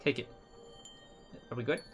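A man commentating a horror game as he plays, jumpy and swearing, shouting when scared. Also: moderate pace, faint music behind. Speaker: gaming video creator.

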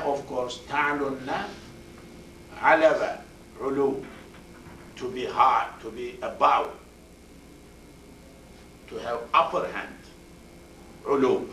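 Teaching tafsir in a mosque classroom, a man with a medium-pitched, fairly bright voice explains the Quran's Arabic one word at a time, repeats key terms and swiftly recites verb forms. The room is echoey, the mic distant, and a faint hiss lies beneath.

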